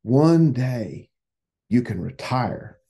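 A man's voice: mid-range voice, very animated, very slow, vocal fry, mellow, slightly rough, heavily acted. A man voicing a pushy male railroad boss in a told story, coaxing and upbeat.

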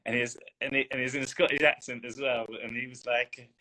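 A man who coaches and mentors others, telling stories in a lively, casual conversation. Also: mid-range voice, fast, low-quality recording. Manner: animated storyteller.

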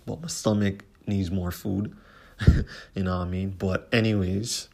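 A man with a lowish, creaky voice hosts his own solo podcast, talking casually in a slangy, profane way. He keeps repeating "you know what I'm saying."

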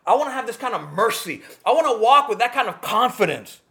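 A man preaching a sermon with passion, rising to near shouts and dropping to quiet, earnest tones. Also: very high voice, big pitch swings, brisk, creaky. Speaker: pastor.

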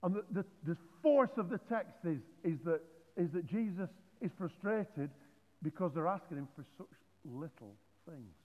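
A man preaches a lively sermon, joking and stumbling over his words as he goes. His voice sits a little high and sounds thin and phone-like. A long hall reverb trails after every phrase. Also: moderate pace. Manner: animated and joking, with many restarts. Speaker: pastor.

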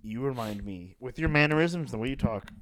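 A man's voice: mid-range voice, lively intonation, brisk. A man co-hosting a podcast, teasing his friend with needling questions. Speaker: podcast co-host. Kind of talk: casual teasing chat. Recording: faint background noise.

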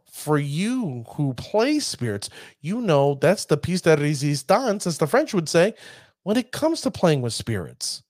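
A man giving casual commentary on a card game deck, chatty and addressing his viewers as ladies and gentlemen. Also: fairly high pitch, no echo, studio quality.

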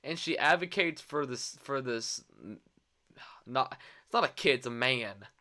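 A man's voice: medium pitch, unhurried, pushed and bright. Crude, joking young man podcast host. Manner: loose, crude, joking, laughs often. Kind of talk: casual podcast chat.

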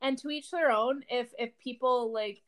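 Joking young woman, high-ish voice. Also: normal speed. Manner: joking, teasing, rambling with restarts. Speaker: podcast co-host. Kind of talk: casual podcast chat.

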